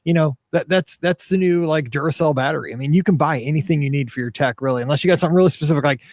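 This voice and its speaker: A man's voice: on the high side, racing, darkish tone, dry recording, studio quality. A middle-aged man co-hosting a podcast, chatting casually in a rambling, self-deprecating way. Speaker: podcast co-host. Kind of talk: casual chat.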